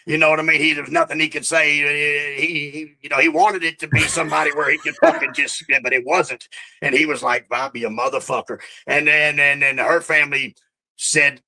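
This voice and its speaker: A man's voice: fairly high pitch, fairly even intonation, a little fast, sharp tone, poor audio. A middle-aged man with a Southern US accent, a guest in a casual podcast interview, talking in a rambling, profane way with many restarts.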